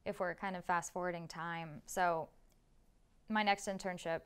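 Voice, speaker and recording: Young female guest, slightly low voice, chatty and laughing. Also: unhurried, smooth. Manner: chatty, laughs often, animated storytelling. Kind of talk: casual interview.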